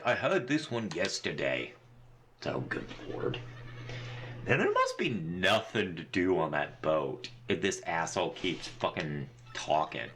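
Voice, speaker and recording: A man's voice: sits low, huge pitch swings, unhurried, fairly bright tone. A man giving sarcastic, profane, rambling commentary while playing a video game. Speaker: gaming channel host. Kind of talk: let's play commentary. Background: faint game music.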